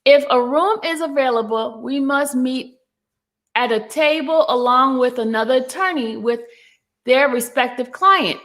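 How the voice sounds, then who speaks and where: A woman's voice: high-pitched, fairly bright tone. A woman hosting a casual talk show who reads a letter aloud, stumbling over words and laughing. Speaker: host.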